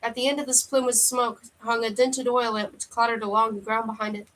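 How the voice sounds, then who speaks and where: Female reader, slightly high voice, straightforward novel narration. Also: brisk, low-quality recording. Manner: steady first-person narration with occasional slips. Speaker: audiobook reader. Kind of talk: reading a novel aloud.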